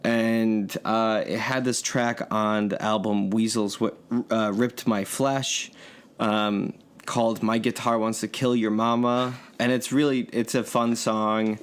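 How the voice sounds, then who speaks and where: A man's voice: fairly low pitch, steady tone, takes it slowly, clear, resonant tone. A man in a casual podcast chat, rambling and good-humored, chuckling between thoughts. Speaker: podcast co-host. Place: indoors in Yonkers, New York.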